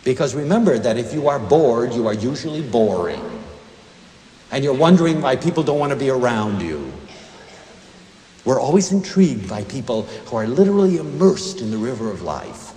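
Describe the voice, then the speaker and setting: A man giving an emotional, expressive inspirational lecture as a university lecturer, swinging between hushed and emphatic delivery. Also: mid-range voice, normal speed. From United States. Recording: echoey lecture hall recording.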